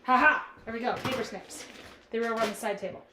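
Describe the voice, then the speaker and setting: A woman's voice: fairly high pitch, fairly even intonation, very fast, fairly bright tone, slight background noise. Woman, casual live craft demo, chatty, talks to chat, roomy room echo. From Canada. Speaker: live-stream crafting demonstrator.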